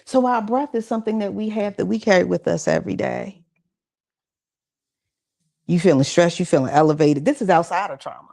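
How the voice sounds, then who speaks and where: A woman speaks at a church gathering about mental health, her voice carrying a gravelly, fry-tinged edge. She talks in a conversational, encouraging way and keeps turning to the listeners with casual asides. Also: on the low side, fairly quick, pauses often, darkish tone. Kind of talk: church talk session. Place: church gathering with audience responses.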